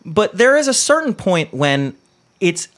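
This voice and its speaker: A young man co-hosting a casual chat, ranting in an animated way with frequent swearing and quick bursts of speech. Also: high-pitched. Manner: animated, swearing, fast rants.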